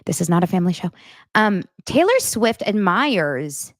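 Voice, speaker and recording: A woman's voice: fairly low pitch, sing-song, normal speed, no room sound, studio quality. A woman hosting a casual celebrity gossip show, chatty and sarcastic, often laughing. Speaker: host.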